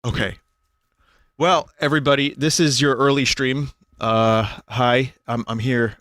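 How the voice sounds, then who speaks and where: A man's voice: medium pitch, steady tone, measured pace, fairly bright tone, dry recording. A man streaming a video game, chatting casually and jokingly, with rambling, self-interrupting talk into a desk microphone. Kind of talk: casual gaming livestream chat.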